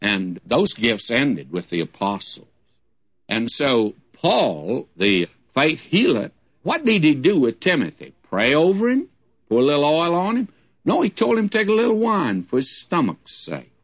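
A man's voice: mid-range voice, sing-song, unhurried. An older man teaching a Bible sermon in a folksy, emphatic way, often calling his listeners friends. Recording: dull lo-fi old recording.

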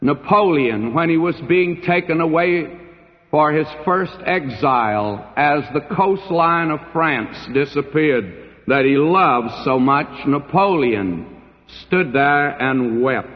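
An older man delivers a sermon in an unhurried, measured cadence, leaning on long pauses for weight. His voice carries through a large hall with a lingering reverb. The recording itself sounds dull and dated. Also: a little high, expressive. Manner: slow, deliberate preaching with dramatic pauses. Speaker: pastor.

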